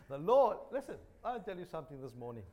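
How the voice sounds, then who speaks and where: A man's voice: fairly high pitch, dark tone. A man preaching a sermon, joking and chatty, repeating phrases. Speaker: pastor. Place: church.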